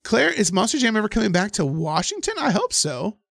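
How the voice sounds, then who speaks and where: Brief: hoarse male stream host, high gravelly voice, jumps all over in pitch, excitable. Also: a little fast, no room sound, clean studio sound. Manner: excitable, laughs often, reads chat aloud. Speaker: livestream host. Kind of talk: live gameplay commentary.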